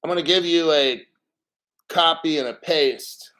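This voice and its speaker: A man's voice: a little high, unhurried, pushed and bright. A man hosting a casual crypto livestream, rambling and swearing as he reads out viewer names and chat.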